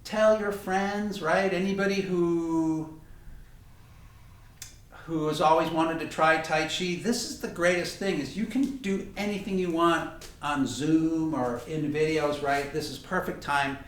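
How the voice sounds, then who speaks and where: A man's voice: on the high side, fairly even intonation, measured pace. A man teaching a tai chi class over video, chatty and correcting himself as he demonstrates moves in a training room. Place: training room with heavy bag. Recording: very echoey room, distant mic, faint hiss.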